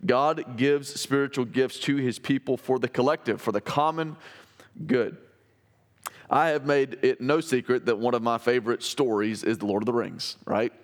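A man's voice: medium pitch, big-room sound. A male pastor preaching a sermon in a church, talking conversationally with frequent restarts and fillers. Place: church sanctuary.

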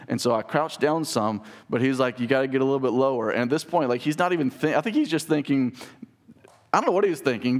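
Animated pastor telling stories. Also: male voice, medium pitch. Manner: animated storyteller, drops to soft intimate tone. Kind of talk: sermon with personal storytelling.

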